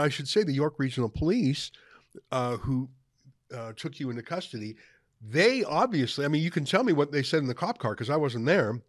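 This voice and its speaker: A man's voice: on the high side, no echo. Man, host, emphatic commentary, combative, dry close studio sound. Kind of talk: opinionated commentary interview.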